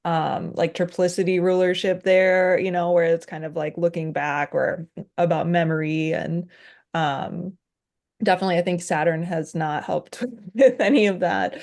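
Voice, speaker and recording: A woman hosts a relaxed podcast conversation in a fairly low voice. She talks in an easygoing way, full of fillers and phrases that trail off. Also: moderate pace, creaky. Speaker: podcast host.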